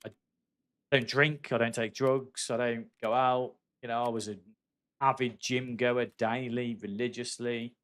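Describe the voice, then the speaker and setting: A gaming livestreamer chats candidly and casually while he plays, swearing freely and calling his viewers "mate." His voice is medium in pitch and a bit bright.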